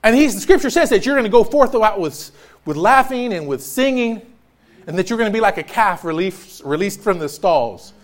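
A man's voice: high-pitched, lively intonation, moderate pace. A man preaching a sermon as pastor in a church, joking and storytelling with frequent laughter. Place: church sanctuary.

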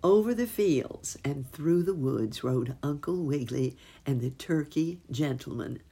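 A woman reading a children's storybook aloud at an unhurried, expressive pace. Her voice sits low, with a gravelly, husky texture and lively swings in pitch. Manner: slow, expressive.

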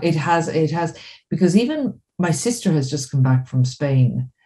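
A woman's voice: sits low, dark tone. A woman host in casual conversation, emphatic and affirming as she adds her own story.

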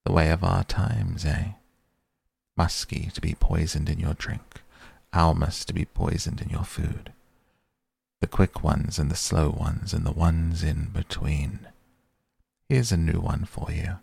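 A man's voice: rumbling low, fairly even intonation, takes it slowly, gravelly, darkish tone, husky, no room sound, heavily acted. Man voicing a stern, imperious old woman. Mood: menacing. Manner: cold, clipped, imperious. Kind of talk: audiobook character reading.

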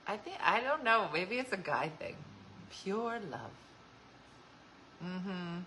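A woman's voice: mid-range voice, expressive, slow, sharp tone, slight background noise, poor audio. A woman hosting a casual chat show, talking with viewers, laughing often and acting out what people said. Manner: chatty, laughs often, acts out quoted voices. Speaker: host.

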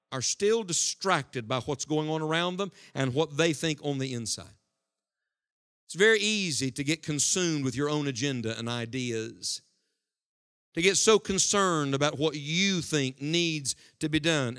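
A man preaching a sermon to a congregation, swinging between loud, forceful lines and hushed ones. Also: a little high, lively intonation, measured pace. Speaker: evangelist. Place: church hall before a congregation.

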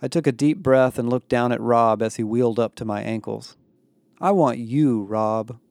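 A man narrating a novel in the first person with a steady, wry delivery. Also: medium pitch, brisk, vocal fry, no room sound, clean studio sound. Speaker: audiobook narrator.

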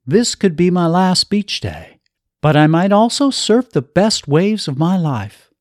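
A man's voice: high voice, big pitch swings, measured pace, darkish tone, no echo, studio quality, voice pushed up. A man reading the part of a young woman facing terminal illness, tender and brave.

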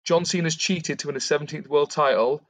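A man's voice: a little high, a little fast, no room sound. A man co-hosting a podcast, retelling a storyline in casual chat and briefly acting out the lines of the people in it. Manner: animated, acts out quotes while retelling. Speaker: podcast co-host. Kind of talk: casual storytelling about a fantasy wrestling storyline.

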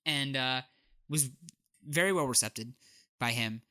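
A man's voice: medium pitch, measured pace, bright, forceful tone, no echo, studio quality. A man co-hosting a casual chat, talkative with frequent fillers. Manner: chatty, lots of "like" and "uh".

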